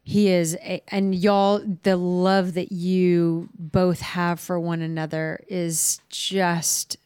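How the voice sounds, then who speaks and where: A woman hosting an interview, asking questions with warm enthusiasm. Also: fairly low pitch, little pitch movement, takes it slowly, clear, resonant tone, no room sound, studio quality. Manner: warmly enthusiastic, asks questions. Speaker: podcast host. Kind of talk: casual interview chat.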